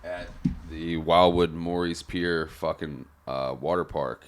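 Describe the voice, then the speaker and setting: A man with a very deep voice riffs with his co-host on a podcast. He jokes and swears freely, and some of his lines trail off into a low mumble. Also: fairly even intonation, slow. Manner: profane, joking, trails off into mumbles. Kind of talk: casual chat.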